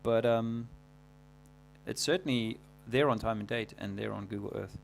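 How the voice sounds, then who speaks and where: Guy on a livestream, gravelly voice, rambles and restarts a lot, faint hum behind. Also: fairly low pitch. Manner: rambling, halting, many fillers and restarts. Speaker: livestream host. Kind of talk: casual livestream monologue.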